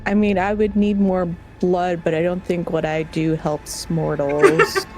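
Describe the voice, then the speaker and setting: A woman's voice: fairly low pitch, fairly even intonation, unhurried, music in the background, low-quality recording. Matter-of-fact woman player. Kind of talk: tabletop role-play.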